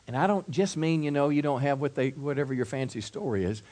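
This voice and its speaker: Man, pastor, middle-aged, sermon, medium pitch, repeats and restarts words, soft asides and loud build-ups. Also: brisk. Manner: repeats words and restarts, acts out quoted voices.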